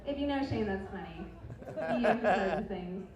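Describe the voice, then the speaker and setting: A woman's voice: medium pitch, animated, normal speed, highs cut off, crowd noise. Woman, stand-up comedian, rambling delivery, very echoey bar. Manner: rambling, self-interrupting delivery. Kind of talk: stand-up set at open mic. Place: bar with live audience. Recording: echoey bar, recorded from far off.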